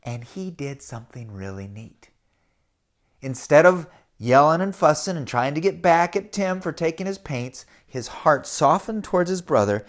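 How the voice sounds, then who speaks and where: A man's voice: on the high side, lively intonation, normal speed. A man telling a children's story, addressing the kids directly. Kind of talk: reading a children's story aloud.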